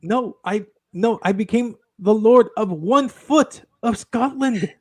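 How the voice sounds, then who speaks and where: A man's voice: sits high, slow pace, a little mellow, dry recording. A man moderating a holiday movie bracket in a casual podcast chat, announcing in a mock-formal, regal manner. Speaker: tournament moderator, self-styled lord.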